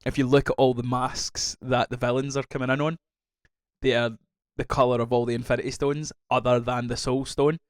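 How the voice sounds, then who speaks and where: A Scottish man co-hosting a casual podcast chat, rambling and animated, swearing freely. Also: medium pitch, a little fast, dry recording, clean studio sound. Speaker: podcast co-host.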